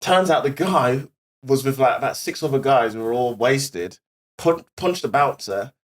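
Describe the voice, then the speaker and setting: A British man, a comedian co-hosting a podcast, telling lively stories on stage life and acting out the voices of people in them. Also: medium pitch, normal speed. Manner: animated, laughing, acts out voices in anecdotes. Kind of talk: casual storytelling chat.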